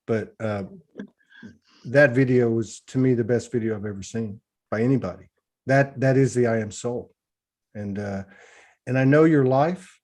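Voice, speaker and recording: A man's voice: medium pitch, moderate pace, darkish tone. A man hosting an online spiritual talk livestream, speaking casually and emotionally, rambling with restarts as he greets a guest on a video call.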